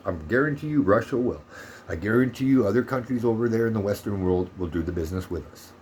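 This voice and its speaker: Brief: lowish-voiced man from Canada, angry profane rant, soft background hum. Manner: profane, heated, sarcastic. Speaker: vlogger. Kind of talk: ranting monologue vlog.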